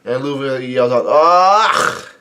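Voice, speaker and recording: Man, young adult, casual comic recap, slow delivery, halting, frequent self-corrections. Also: medium pitch, a bit bright. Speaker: manga reader and recapper.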